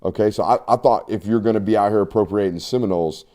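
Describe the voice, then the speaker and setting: A man's voice: on the low side, quick pace, dark tone. A man hosting a casual sports show, joking and teasing his co-hosts.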